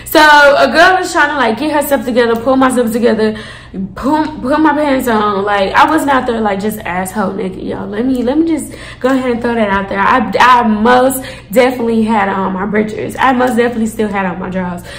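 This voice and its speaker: A woman in her twenties telling a story to her viewers in an animated, dramatic way, swearing freely. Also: on the high side, fairly quick. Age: 20s. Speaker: storytime vlogger. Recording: echoey room.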